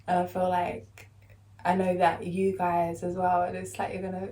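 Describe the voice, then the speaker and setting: Calm low-voiced woman reading spiritual cards. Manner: calm, soothing, unhurried reading aloud. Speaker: spiritual card reader. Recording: echoey room, faint background noise.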